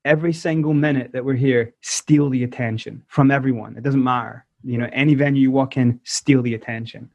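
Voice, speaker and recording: A Scottish-accented man talks through a casual interview, lively and quick to slip into the voices of people in his stories. His voice sits at an ordinary middle pitch, and the sound is dry and close with no room echo. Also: vocal fry, highs cut off. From South Africa. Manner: animated storyteller who acts out quoted voices. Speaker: musician guest.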